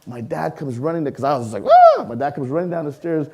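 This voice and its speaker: A man in his forties giving a public science lecture, telling lively personal stories and asking the audience questions. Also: fairly high pitch, fast, creaky, breathy edge. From Canada. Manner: lively storyteller, acts out voices, engages audience with questions. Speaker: science museum leader giving a public talk.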